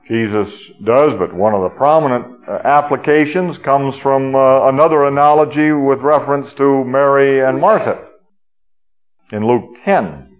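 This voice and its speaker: A man delivers a sermon in an earnest teaching manner and often hesitates with fillers. His voice sits at a middle pitch for a man. The recording is dull and lo-fi. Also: a little slow. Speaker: preacher.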